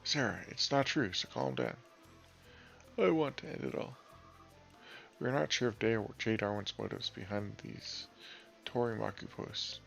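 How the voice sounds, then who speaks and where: A man's voice: fairly low pitch, expressive, unhurried, gravelly, long pauses, a bit bright, faint music behind, exaggerated voice. A man voicing a theatrical male TV news reporter who delivers gossip as if it were a tragedy. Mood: melodramatic. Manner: overwrought, theatrical.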